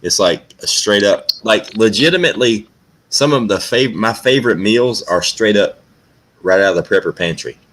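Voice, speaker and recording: A man's voice: lowish voice, lively intonation, normal speed, fairly bright tone. A man hosting a casual livestream chat, telling food stories with casual swearing and emphasis. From American South. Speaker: livestream host.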